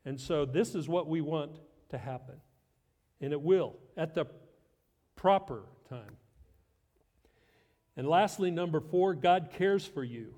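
A man's voice: on the high side, takes it slowly, long pauses, darkish tone, big-room sound. A middle-aged man preaching a sermon as pastor, conversational and self-deprecating with light humor.

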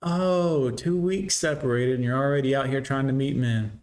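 A man at a middling pitch talks down to his audience in a scornful, lecturing tone. He drips sarcasm as he picks apart what he has just heard. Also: moderate pace, a little mellow. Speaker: commentator. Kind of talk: reaction commentary.

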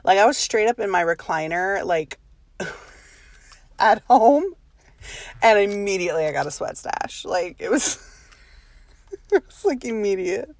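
A woman's voice: medium pitch, animated, a little slow, pauses often. A woman in her thirties telling a personal story in a chatty, self-deprecating way, laughing often and rambling through asides. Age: 30s.

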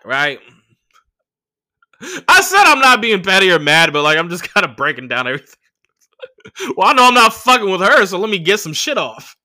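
Animated profane man telling stories. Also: sits high, a little fast. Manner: profane, animated, acts out quoted voices. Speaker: podcast host. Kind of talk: casual storytelling monologue.

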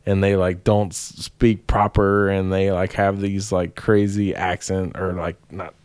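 A man's voice: sits low, flat delivery, unhurried, a little mellow, clean tone, no room sound. A man co-hosting a podcast, telling stories casually, swearing and laughing often. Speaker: podcast co-host. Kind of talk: casual chat.

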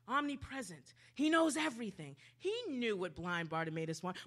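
A woman preacher giving a sermon, swinging dramatically from hushed to loud. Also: mid-range voice, sing-song, normal speed, hardly any pauses.

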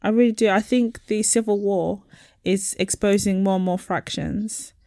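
With a steady, mid-range voice and a dark tone, a woman co-hosts a laid-back chat podcast at a moderate pace, animatedly telling stories and impersonating the people she quotes. The sound is dry and studio quality.

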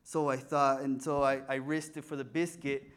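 A man's voice: mid-range voice, flat delivery, moderate pace, clear, resonant tone. A young man telling a personal story in a sermon, acting out the voices of the people in it. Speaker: preacher.

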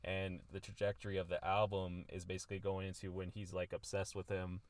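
A man's voice: low voice, monotone, a little fast, no echo. A man co-hosting a casual podcast, talking in a laid-back way with lots of "um" and "like". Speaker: podcast co-host.

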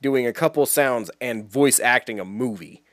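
A man's voice: mid-range voice, moderate pace, a bit bright, no room sound, clean studio sound. A man co-hosting a casual chat in an easygoing, laughing manner. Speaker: podcast co-host.

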